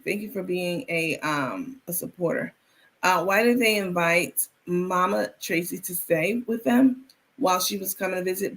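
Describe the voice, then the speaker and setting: A woman's voice: fairly low pitch, vocal fry, a bit bright. A woman hosting a live stream, chatting casually and reading viewer comments aloud with frequent restarts.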